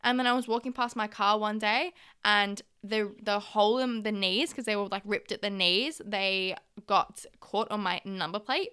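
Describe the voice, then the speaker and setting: In a brisk solo podcast monologue with few pauses, a young Australian woman in her twenties speaks in a mid-range voice with fairly even intonation. Her tone is bright, forceful and clean, and she's chatty, candid and sweary, acting out how she reacted.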